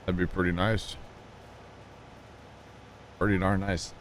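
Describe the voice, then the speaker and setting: Chatting with viewers while he plays a farming game on stream, a man rambles through folksy tales and tangents. His low voice is flat and slow-paced, with a little hiss or hum in the audio.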